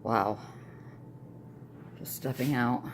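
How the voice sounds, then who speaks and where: An older woman vlogging in a sauna, thinking out loud in a blunt, candid, venting way. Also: rumbling low, steady tone, drawn-out words, slight background noise. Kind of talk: casual vlog monologue.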